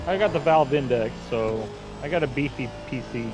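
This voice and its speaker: A man's voice: medium pitch, moderate pace, music in the background, poor audio. A man co-commentating a sim race, easygoing and self-deprecating, sometimes fumbling driver names. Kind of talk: live race commentary with banter.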